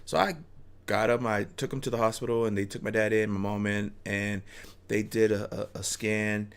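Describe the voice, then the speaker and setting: Low-voiced man telling a rambling story. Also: level tone, moderate pace, smooth. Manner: rambling, with restarts and chuckles. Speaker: speaker telling a personal story. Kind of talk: casual storytelling.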